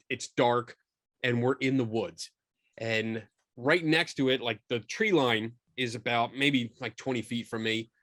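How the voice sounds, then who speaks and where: A middle-aged man, a guest on a podcast, telling a story from his own life in a lively, self-mocking way and acting out what people said. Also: medium pitch, dry recording, studio quality. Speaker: guest, skeptical paranormal investigator. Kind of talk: casual storytelling in a podcast interview.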